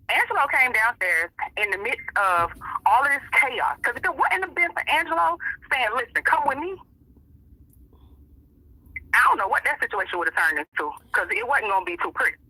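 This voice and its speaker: A woman guest tells her story in a fiery, profane rush, slipping into the voices of the people she quotes. Her voice is piercingly bright with a husky grain. The sound is close and dry. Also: fairly high pitch, dry recording, poor audio. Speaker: interview guest. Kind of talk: casual storytelling.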